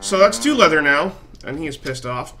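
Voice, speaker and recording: A man's voice: fairly high pitch, very animated, fairly quick, bright, forceful tone, soft background music. A man casually narrating his own gameplay, rambling and swearing freely with a self-mocking streak. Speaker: gaming channel host. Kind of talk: casual let's-play commentary.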